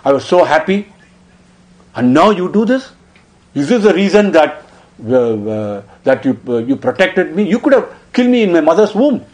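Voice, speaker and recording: A man's voice: medium pitch, expressive, moderate pace, darkish tone, lightly acted. A man voicing a young prince who pleads in tears, desperate and sobbing. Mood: anguished.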